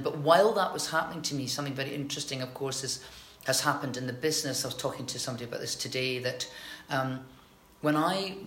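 Scottish actress, middle-aged, animated raconteur with lots of restarts, heard in a roomy space. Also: female voice, rumbling low, slight background noise. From Scotland. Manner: chatty, animated storytelling with many restarts. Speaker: actress guest. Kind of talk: casual interview chat. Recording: roomy echoey recording.

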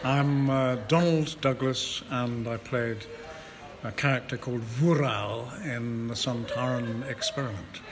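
A man's voice: medium pitch, steady tone, measured pace. An older Scottish man, an actor being interviewed, telling stories with self-deprecating chuckles. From Scotland. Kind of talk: casual interview chat. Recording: noisy ambient background.

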